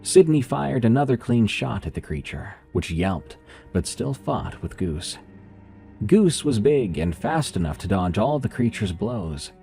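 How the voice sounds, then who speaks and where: A man reading a first-person horror story aloud in a measured, steady narration. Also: on the low side, creaky, soft background music.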